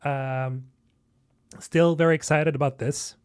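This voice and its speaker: A young man from Sweden reacting to game trailers on a live stream, excitable and swearing, talking to chat. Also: a little high, slow, clean tone. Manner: excitable, swearing, chatting with viewers. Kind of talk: casual live-stream commentary.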